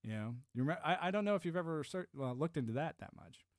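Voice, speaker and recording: A man's voice: fairly high pitch, animated, fast talker, dry recording. Rambling man streamer, dry close mic. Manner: rambling, restarts, laughs to himself. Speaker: livestream host. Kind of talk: casual chat reading and answering live chat.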